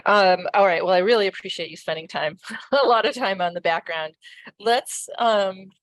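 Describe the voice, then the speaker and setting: A woman's voice: mid-range voice, moderate pace. A woman hosting an interview podcast, giving short affirming replies and questions. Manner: brief affirming responses. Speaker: podcast host.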